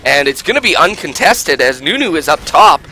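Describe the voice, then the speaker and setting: Male esports caster, bright tense voice, climbs loud in fights, faint hiss behind. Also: very animated, brisk. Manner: rises loud and high in fights, many fillers. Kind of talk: solo live game commentary.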